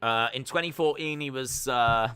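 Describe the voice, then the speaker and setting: A man's voice: medium pitch, normal speed, sharp tone, clear, resonant tone, no echo. A man hosting a wrestling watch-along stream, chatting and musing aloud as he reacts. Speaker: stream host.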